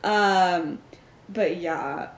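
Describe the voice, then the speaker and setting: A woman's voice: fairly low pitch, extremely slow. A young woman co-hosting a podcast, casually retelling a story in a chatty way with lots of "like" and frequent laughter. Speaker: podcast co-host. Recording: roomy echoey room.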